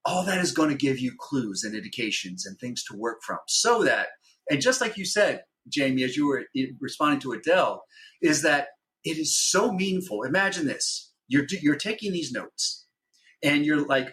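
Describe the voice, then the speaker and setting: A man's voice: a little high, lively intonation, normal speed, a bit bright. A man guest on a podcast, a former hostage negotiator, explaining a method step by step and often checking in with "right?". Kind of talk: explaining, instructive podcast talk.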